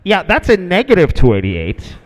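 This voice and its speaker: A man's voice: on the high side, expressive, normal speed, fairly bright tone. A comedian playing a curt, bored male air traffic controller making offhand radio announcements. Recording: live hall, long reverb, audience noise.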